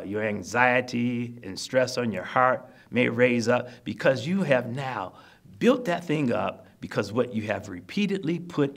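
Preaching to a nursing home audience, this minister has a gravelly, mid-range voice. He explains the scripture plainly, exhorts his listeners, and keeps repeating his points to lift their spirits.

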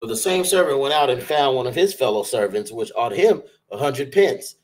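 A man's voice: medium pitch, moderate pace, over a noisy crowd, poor audio. Man reading scripture aloud steadily. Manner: steady, plain reading with small slips. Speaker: scripture reader.

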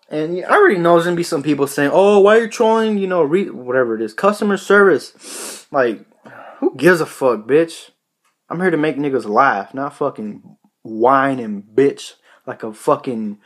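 A young man in his late teens talking casually to camera in a rambling, profane way, full of "you know" fillers. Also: medium pitch. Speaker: vlogger. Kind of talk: casual rambling vlog talk.

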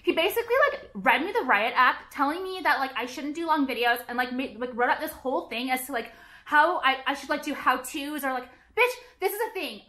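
A woman's voice: high-pitched, pushed and bright. A woman vlogging at home, chatting to camera in a dramatic, profane rant full of "like". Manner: fast, profane, dramatic rants with constant "like". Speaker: beauty vlogger. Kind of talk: casual chat to camera.

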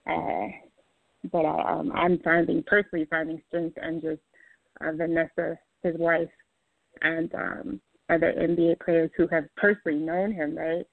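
A podcast co-host speaking in a halting way, with many pauses and fillers. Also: mid-range voice, level tone, creaky, no room sound. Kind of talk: casual podcast talk. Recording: dry tinny phone-like line.

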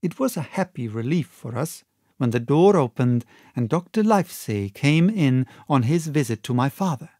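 A man reading a classic novel aloud as an audiobook narrator, with measured and expressive storytelling. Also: mid-range voice, dry recording, clean studio sound.

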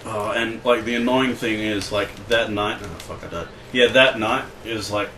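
A man's voice: lowish voice, fairly even intonation, moderate pace, sharp tone, far from the mic. A young Australian man chatting casually while gaming, rambling and swearing often with lots of filler words. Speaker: let's play co-host. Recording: roomy echo, off-mic, faint hiss.

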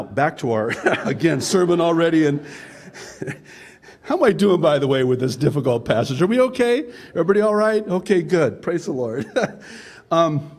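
A man's voice: on the high side, breathy edge. Male pastor mid-sermon: conversational, playful asides, swooping intonation. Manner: animated, conversational preaching with laughs and asides; acts out congregants' objections in a raised voice.

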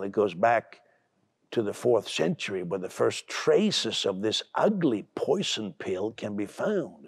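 A man's voice: fairly low pitch, a little mellow, husky, dry recording, studio quality. A middle-aged man preaching a televised sermon, brusque and emphatic, repeating words as he builds up. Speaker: preacher and TV host.

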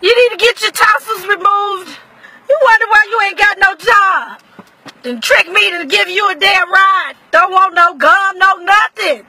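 A woman's voice: extremely high pitch, a little slow, a loud crowd, rough recording. A performer voicing a brash, theatrical woman who scolds her sister while driving. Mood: lecturing. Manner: loud, theatrical, swings to shouting.

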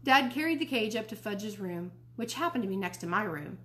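A woman reading a children's novel aloud for a library, expressive and switching into character voices. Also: mid-range voice, a little fast, slight background noise. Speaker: library storyteller. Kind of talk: children's book read-aloud.

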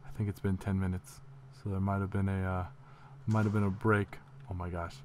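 A young man giving let's play commentary, excitable and full of exclamations. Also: low voice, fairly quick, a little hiss or hum. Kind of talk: game commentary.

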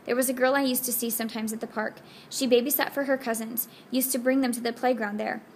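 A woman voicing a pale, gentle young man who speaks low and confidingly to reassure. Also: steady tone, fast talker, slight background noise, lightly acted.

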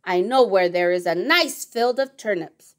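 A woman voicing a sly, pushy male wolf in a children's storybook, with drawn-out singsong threats. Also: medium pitch, voice pushed down, close to an everyday voice.

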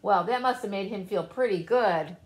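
A woman's voice: mid-range voice, normal speed. A woman reading a children's story aloud and talking directly to the children listening. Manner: animated, talks directly to children.

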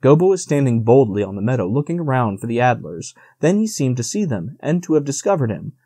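A man narrating an audiobook in a measured, steady reading. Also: medium pitch, breathy edge, dry recording.

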